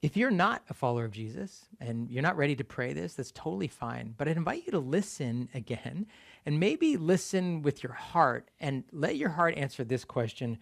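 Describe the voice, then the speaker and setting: A man preaching a sermon, reading a prayer line by line in a slow, measured way and letting each phrase fall away softly. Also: fairly high pitch, big pitch swings, creaky. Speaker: pastor.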